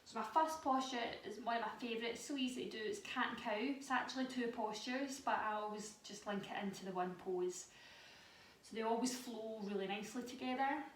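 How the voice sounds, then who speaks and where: A woman guides a yoga session in calm, unhurried cues. Her voice sits a little back from the microphone and rings in a very echoey room, with a faint hiss underneath. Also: on the high side. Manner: calm, slow guiding cues. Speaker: yoga instructor. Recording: echoey room, voice a bit far from mic.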